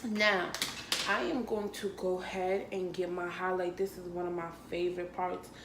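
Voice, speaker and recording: A woman's voice: on the low side, flat delivery, moderate pace, background noise. A young adult woman and makeup artist talking through a casual makeup tutorial, sassy and playful, calling her viewers honey and sis and laughing often. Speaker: makeup artist and beauty vlogger. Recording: echoey room.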